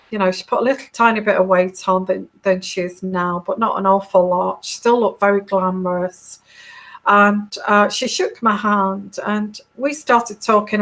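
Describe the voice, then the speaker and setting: A woman from the UK who reads tarot, recounting a dream in a soft, calm voice, hesitant and full of fillers and restarts. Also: medium pitch. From United Kingdom. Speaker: intuitive tarot reader. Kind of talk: casual monologue recounting a dream.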